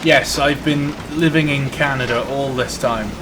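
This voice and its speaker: A man's voice: medium pitch, steady tone, unhurried. A Welsh man hosting a live stream, chatting casually in a rambling, jokey way and reading out viewer comments. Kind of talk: casual live-stream chat while playing. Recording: noisy background.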